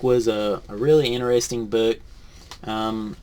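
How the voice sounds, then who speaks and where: A man, a teacher in training, reads a picture book aloud with lively rises on the punchlines, then reviews it softly and hesitantly. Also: medium pitch, measured pace. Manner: lively storybook reading, rising on punchlines, then soft and hesitant when reviewing.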